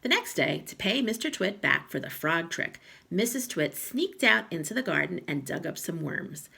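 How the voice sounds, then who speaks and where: A woman reading a children's storybook aloud in a lively voice, with small slips. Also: lowish voice, moderate pace, creaky, breathy edge. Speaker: reader of a children's book.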